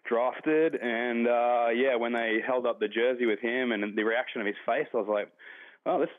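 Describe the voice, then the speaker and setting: A man's voice: medium pitch, moderate pace. Australian man on a phone line. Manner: relaxed, rambling fan talk. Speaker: caller. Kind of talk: phone call-in chat.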